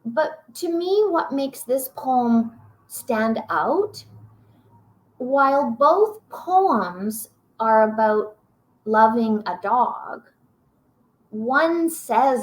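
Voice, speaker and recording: A woman's voice: high voice, animated. A woman presenting a teaching webinar, reading short poems aloud and encouraging her viewers. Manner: warm, encouraging, reads poems slowly aloud.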